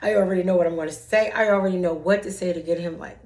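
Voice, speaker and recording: A woman's voice: on the low side, fairly even intonation, fast, hardly any pauses, darkish tone. A woman vlogger telling a personal story in a casual, dramatic way, acting out both sides of a conversation. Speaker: vlogger giving dating advice.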